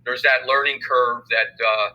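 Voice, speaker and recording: An older man, a football coach answering interview questions in a measured, thoughtful way. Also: medium pitch, fairly even intonation, highs cut off. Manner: measured, thoughtful, many fillers. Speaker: high school football coach. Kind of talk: interview conversation.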